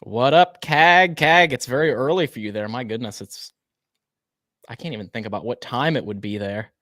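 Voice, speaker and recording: A man hosting a casual live stream, speaking at an ordinary middle pitch. His voice is dry and close, with no room sound. He is chatty and keeps greeting viewers by name, now and then stumbling over a word. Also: normal speed, fairly bright tone, no room sound. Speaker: livestream co-host.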